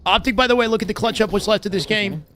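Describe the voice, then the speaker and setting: A man's voice: high-pitched, fast talker. A man live-streaming commentary on a pro match, hyping viewers and thanking chat for gifts. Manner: excitable, hypes viewers and reads out chat gifts. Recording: crowd noise behind. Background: crowd.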